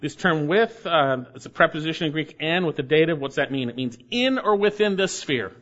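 Emphatic higher-voiced male preacher. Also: animated, brisk, a bit bright. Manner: emphatic, repeats key phrases for stress. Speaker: pastor. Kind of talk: expository sermon. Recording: dull lo-fi sermon recording.

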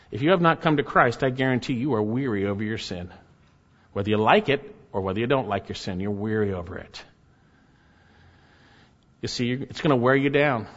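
A man's voice: medium pitch, fairly bright tone. A man preaching an expository sermon, earnest and emphatic, pressing his points with rising and falling intensity. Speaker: pastor. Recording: muffled, with long hall reverb.

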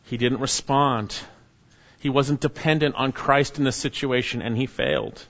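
A man's voice: mid-range voice, animated, moderate pace, a bit bright, long reverb tail, dull audio. A man preaching an expository sermon, reading scripture verses aloud and then explaining them in an earnest manner.

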